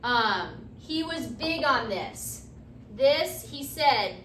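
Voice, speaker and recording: A high, bright woman lectures a class at a slow, deliberate pace, checking in with students as she goes. Her voice is picked up from a distance in an echoey classroom, with faint room noise underneath. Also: expressive. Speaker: teacher.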